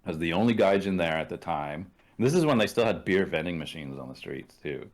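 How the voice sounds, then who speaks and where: Canadian man, low voice, casual profane storyteller, acts out quotes. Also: lively intonation, fast. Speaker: podcast guest.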